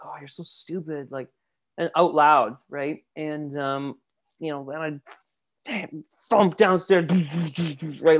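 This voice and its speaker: A man, a guest in a casual interview, talking in a reflective, rambling way with many fillers and restarts. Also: on the high side. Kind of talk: casual interview about faith.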